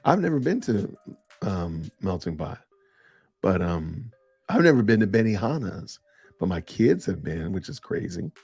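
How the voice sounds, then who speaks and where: A middle-aged man with a low, gravelly and slightly husky voice talks loosely on a live podcast stream. He riffs and reacts to viewer comments in a relaxed, chatty way. The recording is dry and close, with faint music underneath. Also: measured pace, no room sound. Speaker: podcast host. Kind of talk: casual live-stream chat.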